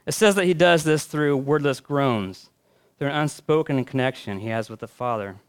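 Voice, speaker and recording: Smooth-voiced male pastor telling a story. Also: medium pitch. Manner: storytelling with swells and hushed endings; reflective, with pauses and fillers. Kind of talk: sermon.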